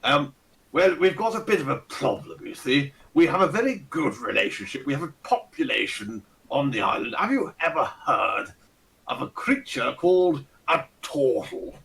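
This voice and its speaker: A man performing a pompous fat old nobleman with a monocle. He is bright-toned and fussy, stammering apologies and bursting into oaths. He pitches his voice up now and then. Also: sing-song, moderate pace, far from the mic. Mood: apologetic. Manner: flustered, fussy and apologetic, sudden swearing.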